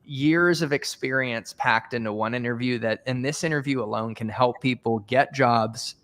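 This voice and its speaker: A man's voice: medium pitch, normal speed, fairly bright tone. A man hosting an interview in casual chat, enthusiastic and effusive with praise. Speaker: podcast host.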